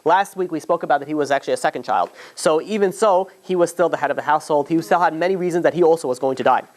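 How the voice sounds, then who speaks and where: A man teaching a class, telling the story informally, with many restarts and "you know"s, and growing animated at the lively moments. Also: on the high side, rapid-fire. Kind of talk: informal storytelling lesson to students.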